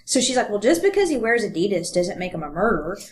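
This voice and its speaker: A woman's voice: medium pitch, big pitch swings, fast. A woman co-hosting a podcast, casually retelling a true-crime story and reading passages aloud with ums and fillers. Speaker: podcast co-host.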